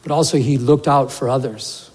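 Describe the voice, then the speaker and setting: A man's voice: medium pitch, fairly even intonation, normal speed, darkish tone, breathy edge. A man preaching a sermon as pastor, talking earnestly and conversationally, with many fillers and repeated words. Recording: long hall reverb.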